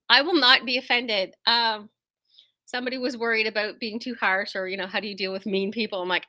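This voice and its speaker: A middle-aged woman who owns a quilt shop and hosts the show chats casually with viewers in a fairly high voice at a moderate pace. She wanders off on tangents, pokes fun at herself, and drops lively asides.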